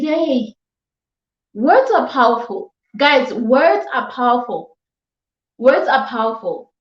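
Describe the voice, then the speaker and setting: A woman's voice: high voice, very animated, takes it slowly, long pauses. A woman giving a motivational talk to her viewers, repeating phrases for emphasis and breaking into scolding exclamations. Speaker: motivational vlogger. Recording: echoey room, dull lo-fi sound.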